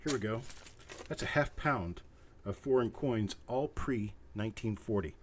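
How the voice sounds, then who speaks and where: A man's voice: lowish voice, slight background noise. A man hosting a live coin auction, chanting bid calls over and over and chatting casually between them. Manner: rapid repetitive bid calling, casual asides. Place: cluttered room at home.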